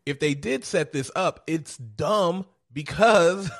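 Animated profane man recapping a movie. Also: fairly high pitch, slow. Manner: animated, profane, acts out scenes. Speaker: podcast co-host. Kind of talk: casual movie discussion.

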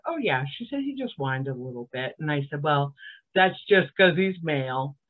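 A woman from Alabama, a podcast guest telling a story in a dry, sardonic way. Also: sits low. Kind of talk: casual storytelling on a comedy podcast. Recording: tinny phone-like line.

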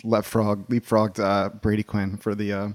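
A man's voice: lowish voice, monotone, moderate pace, dry recording, clean studio sound. A man co-hosting a sports podcast, talking in a casual, opinionated and rambling way, with frequent restarts.

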